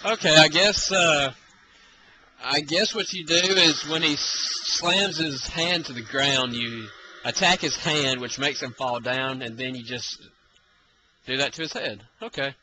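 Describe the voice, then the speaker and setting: A man's voice: a little high, measured pace, bright, forceful tone, slight background noise, rough recording. A man giving live gameplay commentary, exasperated and repeatedly urging and taunting the enemy. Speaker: let's play gamer.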